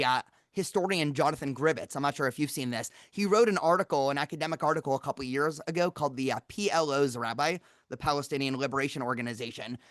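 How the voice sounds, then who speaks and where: A man's voice: on the high side, fairly bright tone, no echo, clean studio sound. A young adult man hosting a podcast interview, lecturing and often checking in with "right?" and "you know". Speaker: podcast host, campus rabbi.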